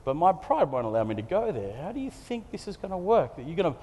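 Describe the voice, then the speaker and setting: A man's voice: on the high side, big pitch swings, fast, darkish tone. A man voicing a proud father rebuking his son. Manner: rebuking, incredulous. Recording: long hall reverb.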